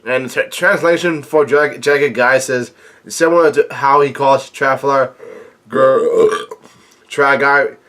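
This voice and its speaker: A man hosting his own reaction video, reading comic panels aloud and adding asides. His voice sits at an ordinary middle pitch. He stumbles and restarts words often as he goes. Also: steady tone, fairly bright tone. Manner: halting, frequent restarts and fillers.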